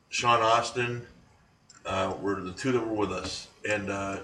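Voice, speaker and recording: A man co-hosting a chat show about paranormal investigations, telling rambling, animated stories full of restarts. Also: lowish voice. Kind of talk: casual radio-style chat. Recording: echoey room, distant from mic, faint noise.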